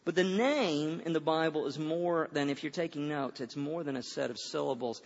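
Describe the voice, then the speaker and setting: A man's voice: fairly high pitch, moderate pace, in a large hall, highs cut off. A man preaching a sermon to a room of listeners, telling a story conversationally with many stammers and restarts.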